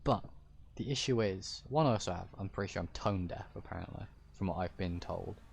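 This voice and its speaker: A man with a deep-ish voice, streaming a roleplay game and chatting to viewers in a rambling, hesitant way as he explains things. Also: fairly quick, creaky, husky. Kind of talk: casual chat to stream viewers.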